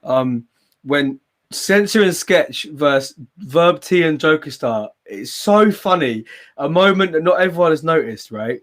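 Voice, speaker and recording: A man from England, host of a battle league, telling stories with excitement and frequent laughter in a casual chat. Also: a little high, measured pace. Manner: excitable storyteller, laughs often.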